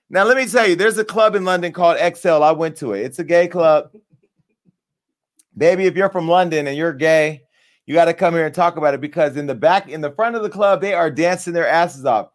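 A man with a notably high-pitched voice rants through comic commentary. He is brash and animated, jumping from loud outbursts to low, muttered asides. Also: fairly quick. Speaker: comedy commentary host. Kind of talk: crude comedic rant.

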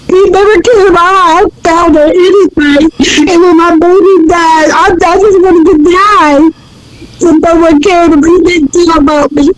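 Tearful woman in her sixties, very high. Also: steady tone, unhurried, noisy background. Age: 60s. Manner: tearful, repeats her thanks over and over. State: crying. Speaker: caller. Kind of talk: emotional phone-in call.

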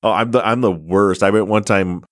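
A man's voice: lowish voice, normal speed, no room sound, clean studio sound. An American man hosting a podcast interview, chatty and rambling, laughing often as he tells stories. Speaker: podcast host. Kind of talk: casual interview chat.

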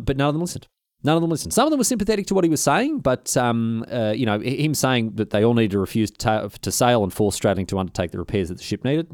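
A man, hosting a podcast and narrating a history story in a casual, slangy, animated way. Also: lowish voice, no room sound, clean studio sound. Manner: animated, slangy, acts out the quotes. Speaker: podcast host.

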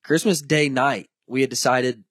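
A man's voice: medium pitch, moderate pace, no echo. A young man tells his stories with energy, jumping into the voices of the people in them. His voice sits in an ordinary middle range. The sound is dry and close to the mic. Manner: animated storyteller, acts out quoted voices. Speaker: podcast host. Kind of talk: casual storytelling chat.

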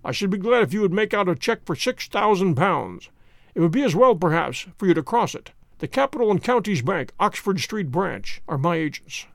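Sherlock Holmes, cold and deliberate, read by a man. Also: sits high, sing-song, vocal fry, dry recording, clean studio sound, full character voice. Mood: triumphant. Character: cool, inexorable male detective, middle-aged.

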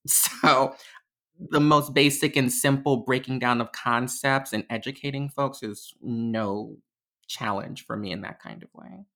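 A young adult woman, a podcast guest and diversity educator, telling stories casually and animatedly, laughing often between phrases. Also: fairly bright tone. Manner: acts out quotes in a much higher voice. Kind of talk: casual conversational storytelling.

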